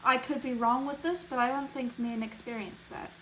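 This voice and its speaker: A young woman co-hosting a casual chat podcast, speaking in an earnest, halting way. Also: high-pitched, steady tone, bright, forceful tone, a little hiss or hum, poor audio. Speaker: podcast co-host.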